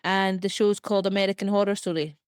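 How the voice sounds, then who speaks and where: A woman's voice: mid-range voice, steady tone, clean tone, no room sound. Chatty young Scottish woman, dry sound. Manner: chatty, filler-heavy, quick self-deprecating laughs. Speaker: comedian and actor guest. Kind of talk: casual podcast interview.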